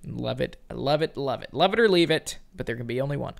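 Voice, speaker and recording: A man's voice: medium pitch, lively intonation, fast, creaky. A man co-hosting a casual podcast, joking and teasing his partner in a playful, dry way. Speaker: co-host.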